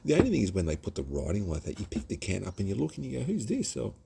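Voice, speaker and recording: A man's voice: deep voice, very animated, very fast, creaky, very noisy. An Australian man reviewing a craft beer outdoors at home, chatty and self-mocking, rambling from one topic to the next. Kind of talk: casual rambling vlog.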